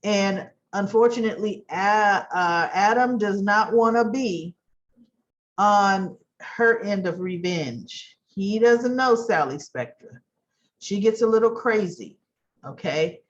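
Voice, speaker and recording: A woman's voice: slow pace, dull audio. A woman casually recapping soap opera episodes, chatty, often acting out the characters' lines in changing voices. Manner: chatty, acts out characters' lines with shifting pitch.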